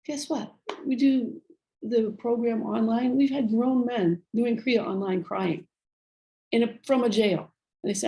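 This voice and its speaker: A woman with a fairly high, mellow voice talks animatedly at a moderate pace over a casual video call. She volunteers as a speaker for a prison program and earnestly, somewhat ramblingly recounts stories from that work, in low-quality audio.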